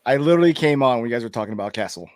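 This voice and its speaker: A man from Southern California speaking as an easygoing, teasing guest on a casual podcast. His pitch is middle-range, and the sound is dry and close. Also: lively intonation, racing, no echo. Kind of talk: casual chat.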